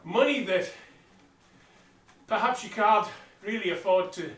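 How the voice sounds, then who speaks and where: Man, high voice, a bit winded mid-workout, blunt vlog talk, roomy room heard from afar. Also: unhurried, a bit bright. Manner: blunt, plain-spoken, talks while pedalling an exercise bike. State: slightly out of breath. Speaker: vlogger. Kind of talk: casual motivational talk. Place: indoor room with exercise bike. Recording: roomy sound from a distant mic.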